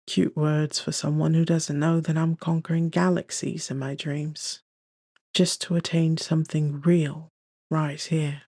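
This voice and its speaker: A woman reading the lines of a charming male film star in a soft, near-whispered murmur. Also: low voice, steady tone, a little slow, vocal fry, slightly rough, no room sound, clean studio sound, exaggerated voice. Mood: tender murmur.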